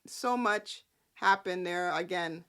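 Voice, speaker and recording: A woman hosting a casual soap-opera recap, sassy and animated, often breaking into character quotes. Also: fairly low pitch, slow pace, smooth. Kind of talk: casual chat.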